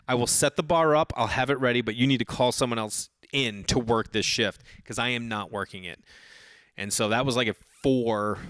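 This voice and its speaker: A man's voice: fairly low pitch, no room sound, clean studio sound. Rambling man telling a casual story. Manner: rambling, animated storytelling with swearing and many restarts. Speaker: podcast host.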